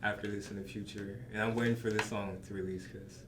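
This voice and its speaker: A man hosting and editing a podcast, speaking calmly and encouragingly with many affirming hums. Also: fairly low pitch, fast. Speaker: podcast host and editor. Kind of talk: casual chat. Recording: echoey room, faint noise.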